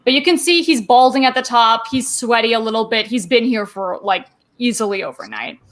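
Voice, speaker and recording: A woman narrating as game master of a tabletop game, giggling and halting with many fillers. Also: a little high, lively intonation, a bit bright.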